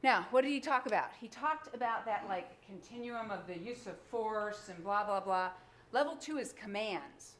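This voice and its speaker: A woman's voice: mid-range voice, animated, moderate pace, a bit bright. A woman prosecutor giving a closing argument to a jury, emphatic and full of rhetorical questions. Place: courtroom. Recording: echoey courtroom, faint background noise.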